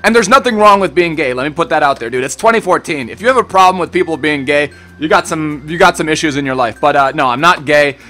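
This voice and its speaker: A man's voice: fairly high pitch, fast, hardly any pauses, pushed and bright, soft background music. A young man hosting a gaming channel, chatting loosely through a Q&A, rambling and laid-back, swearing and calling people bro. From born in Switzerland, raised in Germany and the United States. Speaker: YouTube gaming channel host. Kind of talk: casual Q&A chat to camera.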